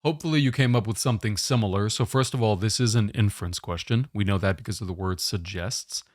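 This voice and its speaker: A man giving a test-prep lesson, explaining question types in a steady, methodical way. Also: fairly low pitch, quick pace, no echo, clean studio sound.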